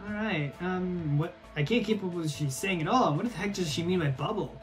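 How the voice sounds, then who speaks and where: A young man hosting a game playthrough, chatting casually with self-mocking, excitable asides. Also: sits high, brisk, soft background music. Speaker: let's play host.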